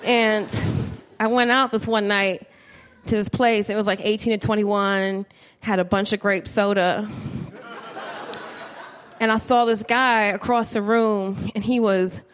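A woman from New Jersey performing a stand-up comedy set, telling brash, profane, animated stories on a club stage mic. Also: medium pitch, a little slow, long pauses, slight background noise. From New Jersey, USA.

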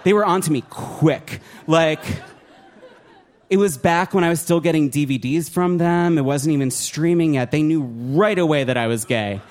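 A man doing a stand-up set, self-mocking and shouting his punchlines. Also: a little high, moderate pace. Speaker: stand-up comedian. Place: live comedy show before an audience.

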